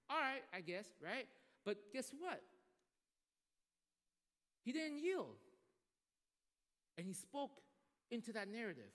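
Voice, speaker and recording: Male pastor, high lively voice, animated sermon delivery, long reverb of a church hall. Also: measured pace, long pauses. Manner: animated, acts out quoted voices.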